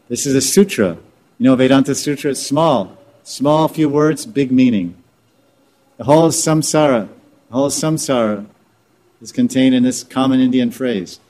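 A man's voice: mid-range voice, warm tone. A man teaching scripture informally, repeating and restarting words as he explains terms. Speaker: spiritual teacher.

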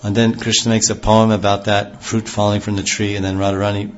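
A man with a low voice gives a devotional lecture. He talks in a rambling way, restarting phrases often. The recording is dull and lo-fi. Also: flat delivery, brisk. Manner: rambling, with many restarts and acted quotes. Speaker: spiritual teacher.

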